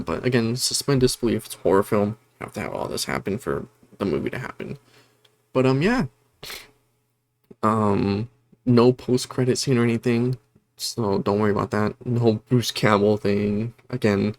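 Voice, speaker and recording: Gravelly low-voiced man rambling casually. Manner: rambling, heavy on fillers like "um" and "like"; lively retelling of scenes. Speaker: horror movie reviewer. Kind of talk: casual spoken movie review.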